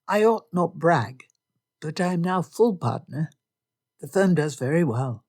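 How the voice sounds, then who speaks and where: A woman's voice: low voice, lively intonation, measured pace, darkish tone, no echo, clean studio sound, exaggerated voice. A woman voicing a modest, earnest young man who speaks plainly, in an audiobook.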